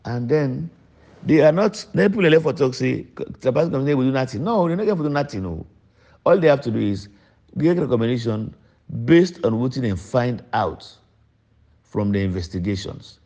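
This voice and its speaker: A man's voice: expressive, moderate pace, warm tone. An older man from Sierra Leone with a Sierra Leonean accent, a politician giving an emphatic public address that mixes English and Krio. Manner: emphatic, repeats points with sudden pitch jumps. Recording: dull lo-fi recording.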